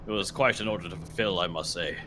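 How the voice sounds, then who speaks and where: Man playing a pompous dragonborn ship's cook, bright forceful voice, fussy, formal. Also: low-pitched, fast talker, slight background noise.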